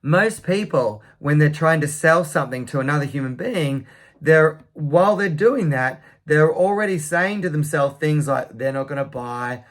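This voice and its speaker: Emphatic male sales coach, slightly high voice. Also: animated, moderate pace. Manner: emphatic, teaching, with frequent self-corrections and "right?" tags. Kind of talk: motivational talk to camera.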